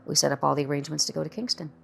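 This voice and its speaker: A woman's voice: low voice, steady tone, rapid-fire, vocal fry, husky. A middle-aged woman candidly telling her own story as a cancer patient, in a conversational personal testimony.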